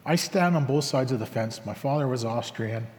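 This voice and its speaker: A man telling his personal story in a reflective, halting way with many fillers, acting out both sides of remembered conversations. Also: mid-range voice, a little mellow, in a large hall, a little hiss or hum. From Canada. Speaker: speaker sharing his life story.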